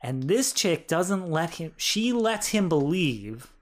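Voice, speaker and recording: A man co-hosting a casual podcast, retelling a documentary with animated quotes and frequent laughter. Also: a little high, slow pace, a crowd in the background. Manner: animated storyteller, acts out quotes, laughs often. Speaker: podcast co-host. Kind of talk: casual chat reviewing a documentary.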